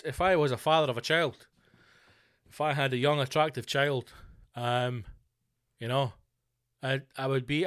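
A man hosting a podcast, telling stories in a profane, animated comic rant full of mock outrage. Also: on the high side. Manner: swears constantly, mock outrage. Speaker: podcast host. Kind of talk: comedic rant.

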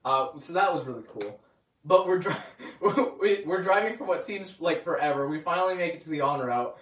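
A young man with a high voice tells a lively story in a roomy space, a bit away from the mic. He laughs often and jumps up in pitch when he acts out what people said. It's casual and animated. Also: moderate pace, distant mic. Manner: excited, laughing storyteller who acts out quotes. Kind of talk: casual chat.

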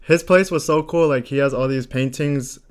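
A man's voice: mid-range voice, moderate pace, clean tone. Young man telling a story, laughing. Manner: animated storyteller, acts out quotes, laughs often. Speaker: podcast co-host. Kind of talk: casual chat.

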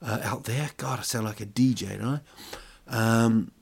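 A man's voice: mid-range voice, normal speed, gravelly, slightly rough. A man hosting a podcast, telling jokey stories in a rambling, casual monologue full of restarts. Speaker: podcast host.

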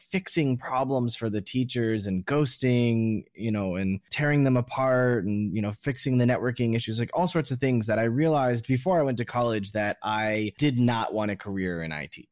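A young man with an average-pitched voice hosts a conversation. He asks questions with curiosity and draws on his own life, recorded close and dry. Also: darkish tone, no echo. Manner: curious, relating own experiences. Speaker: interviewer, podcast host. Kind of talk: conversational interview.

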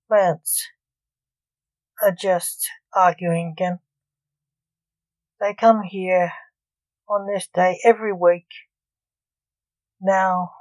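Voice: medium pitch, a little mellow, dry recording, natural voice. A woman voicing a matter-of-fact male restaurant waiter. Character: middle-aged male restaurant waiter, offhand.

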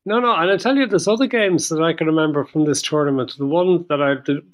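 A man's voice: on the high side, fast talker. A man appearing as a guest on a podcast, casually recalling what he remembers. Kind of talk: casual chat.

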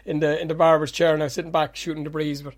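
An Irish man hosting a podcast, firing off long questions at a quick clip and restarting his sentences as he goes. His voice sits a touch high for a man. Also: little pitch movement. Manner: rambling questions with many restarts. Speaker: podcast host. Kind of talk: casual podcast interview.

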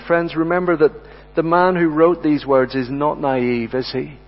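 A man preaching a sermon, earnest and emphatic, addressing the congregation as friends and slowing down to repeat key words. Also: a little high, fairly even intonation. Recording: dull sound with long hall reverb and mains hum.

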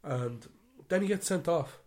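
A man co-hosting a football podcast, ranting animatedly and swinging between loud outbursts and muttered asides. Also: a little high, lively intonation, a little slow. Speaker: podcast co-host. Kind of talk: casual football chat.

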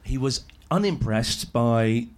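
A man's voice: mid-range voice, lively intonation, takes it slowly. A middle-aged man in casual banter, jokey and rambling, laughing often as he talks.

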